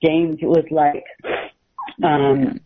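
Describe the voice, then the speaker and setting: A woman calling in to a radio show, talking in a halting, hesitant way about her grief. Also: low-pitched, little pitch movement. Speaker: caller. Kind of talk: call-in conversation. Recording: tinny phone line.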